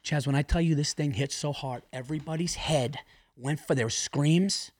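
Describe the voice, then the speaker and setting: A man who is a comedian, guest on a podcast, telling stories with animated energy, acting out other people's lines and laughing often. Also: fairly high pitch, no room sound. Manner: frequent laughter and quick restarts. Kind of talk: casual podcast chat, animated storytelling.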